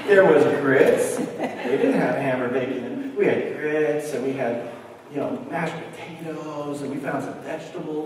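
A middle-aged man delivers a storytelling sermon, bringing each exchange to life with animated voices. His voice sits a little high for a man. The recording is distant and washed in heavy hall echo, with faint room noise underneath. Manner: animated storyteller, acts out dialogue. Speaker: preacher. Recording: echoey hall recorded from far off.

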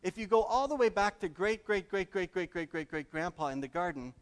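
A man preaches a sermon to his congregation, emphatic and questioning. His voice sits a little high for a man. The sound rings with long church reverb. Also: brisk, clear, resonant tone. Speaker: pastor.

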